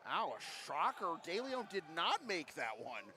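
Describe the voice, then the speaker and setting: Excitable man calling a basketball game. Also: high-pitched, moderate pace. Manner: excitable, rises sharply on big plays. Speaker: play-by-play commentator. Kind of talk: live basketball commentary.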